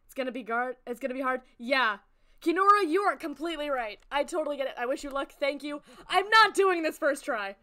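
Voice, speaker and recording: A woman game streamer chatting excitedly with her viewers while playing, laughing often. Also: sits high, a little fast. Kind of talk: excitable live-stream chat.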